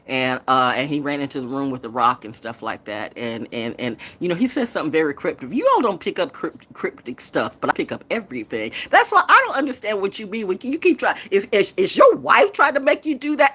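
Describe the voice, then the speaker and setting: A woman's voice: deep voice, sing-song, a little fast, a bit bright. A woman poet who hosts her own show, ranting in a defiant, profane, trash-talking way. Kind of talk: confrontational rant.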